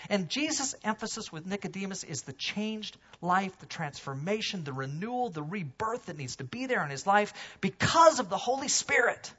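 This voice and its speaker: A man preaching a sermon to his congregation, animated, swinging from loud emphasis to hushed low asides. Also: moderate pace, hardly any pauses, slightly rough, dull audio. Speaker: pastor. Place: church sanctuary.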